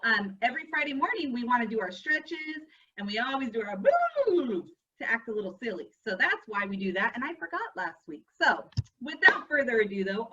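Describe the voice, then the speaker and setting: A woman hosting a virtual school assembly, talking playfully and warmly to children. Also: on the high side, breathy edge, recorded from a distance, highs cut off. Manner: animated, playful, talks to children. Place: school room, indoors.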